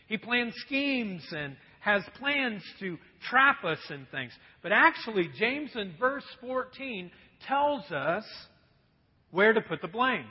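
High-voiced husky male preacher. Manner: conversational, asks the congregation questions. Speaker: pastor. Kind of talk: sermon. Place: church hall. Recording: dull lo-fi recording in a reverberant hall.

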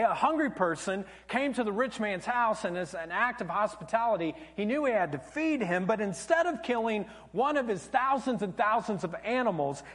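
A male pastor preaching a sermon, telling stories animatedly and dropping to a hush for emphasis, in a church auditorium. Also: high-pitched. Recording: long church hall reverb.

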